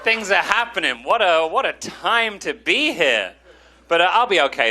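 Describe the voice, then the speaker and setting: Man, British accent, stand-up comedian, deadpan, high voice, live audience noise. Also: normal speed. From Britain. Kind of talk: stand-up routine.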